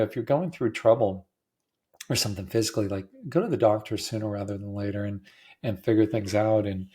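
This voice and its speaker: A man hosting a podcast, talking in a halting way with many restarts and deep breaths, his voice cracking at times and emotional. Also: darkish tone. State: emotional, close to tears. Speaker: podcast host. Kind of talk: personal monologue.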